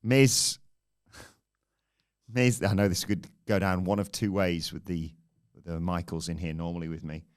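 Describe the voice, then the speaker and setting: Low-voiced man recapping wrestling. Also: flat delivery, a little slow, pauses often, smooth. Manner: rambling, jokey recap with self-deprecating asides. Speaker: wrestling podcast host. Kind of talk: casual recap and banter.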